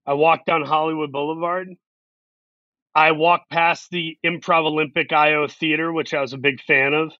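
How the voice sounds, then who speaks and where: A man's voice: fairly high pitch, level tone, normal speed, no echo, dull audio. A man, an actor guest, telling long self-deprecating stories in a casual interview. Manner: rambling, self-deprecating anecdotes.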